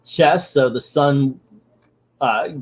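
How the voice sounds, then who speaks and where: A man's voice: mid-range voice, very slow. A man casually recapping a cartoon episode as a channel host, with sarcastic, joking asides.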